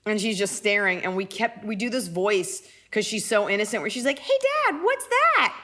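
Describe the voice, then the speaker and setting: A woman in her forties, a comedian hosting a live podcast, telling stories in an animated, chatty way. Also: mid-range voice. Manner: animated, storytelling, quick to jump into voices. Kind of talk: casual comic chat at a live show.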